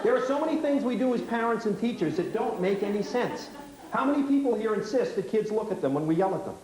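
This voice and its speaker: A man leads a teaching workshop, firing rapid questions at his audience and then explaining. His voice sits high for a man. The recording carries the ring of a large, echoey hall. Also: animated, darkish tone. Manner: brisk, rapid-fire questioning. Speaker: workshop leader.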